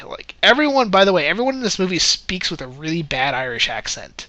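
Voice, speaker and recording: A man's voice: sits high, very animated, brisk, hardly any pauses, sharp tone, no room sound. A man giving a casual spoken movie review, rambling and correcting himself as he goes, often breaking into laughter. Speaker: film reviewer.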